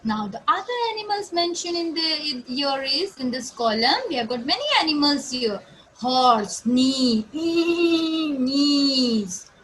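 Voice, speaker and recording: An Indian woman teaching young children an English lesson, explaining slowly in a sing-song manner and imitating animal sounds. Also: high-pitched, animated, a bit bright, slight background noise, low-quality recording. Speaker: schoolteacher.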